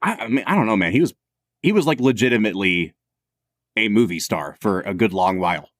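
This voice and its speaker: A man on a film podcast talks in an animated, opinionated way, his pitch rising and falling widely. He laughs often, and his voice sits close to the mic in a dry, dead room. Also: a little fast, no echo. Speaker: podcast co-host. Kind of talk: casual film chat.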